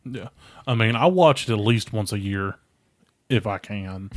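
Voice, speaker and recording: A man's voice: lowish voice, measured pace, no room sound. Man in dry, laughing podcast chat. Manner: enthusiastic, laughs often, acts out movie lines. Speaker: podcast co-host. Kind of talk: casual chat.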